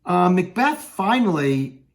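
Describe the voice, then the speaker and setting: A man's voice: high voice, sing-song, slow pace, gravelly. A man teaching a play in a casual, explaining way, walking through its lines with plain paraphrase. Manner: conversational, explanatory, with uh fillers. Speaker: literature teacher.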